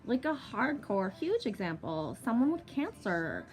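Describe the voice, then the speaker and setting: A woman's voice: fairly high pitch, very animated, measured pace. A woman in her thirties telling a long personal story in a chatty vlog, swearing freely and using many fillers. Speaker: vlogger. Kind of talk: casual storytelling monologue.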